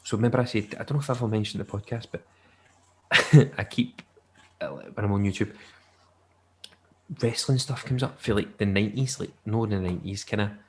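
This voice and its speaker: Jokey man, low voice. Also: quick pace, darkish tone. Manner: rambling and jokey, laughs often. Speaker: podcast co-host. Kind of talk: casual chat.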